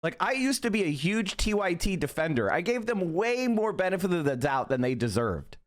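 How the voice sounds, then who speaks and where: Male streamer host, heated profane rant, high-ish and very animated. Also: moderate pace. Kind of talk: live-stream commentary.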